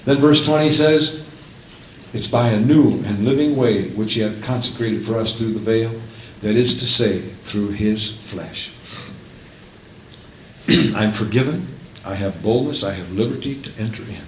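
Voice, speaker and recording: A man preaching a sermon as a pastor, breaking often into praise and hallelujahs and building up to shouting at the climaxes. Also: fairly low pitch, measured pace, pauses often, roomy sound, a little hiss or hum, poor audio.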